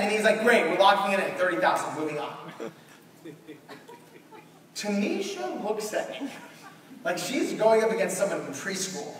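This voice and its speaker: Young male keynote speaker, high lively voice, echoey far-off hall sound. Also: normal speed. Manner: animated, acts out quotes. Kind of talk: storytelling keynote. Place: large conference hall.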